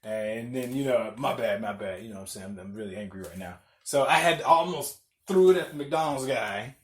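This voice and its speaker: A young man hosting a podcast, telling a story in a loud, animated, profane way, acting out what people said and laughing often. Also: medium pitch, brisk. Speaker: podcast host. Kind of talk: casual storytelling rant.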